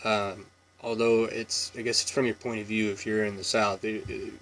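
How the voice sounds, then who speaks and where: A man's voice: on the low side, normal speed, creaky, a little hiss or hum. A man in his thirties from Washington State with a Washington State accent, talking casually through an accent tag with lots of ums and small laughs. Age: 30s. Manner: relaxed and rambling, many ums and chuckles.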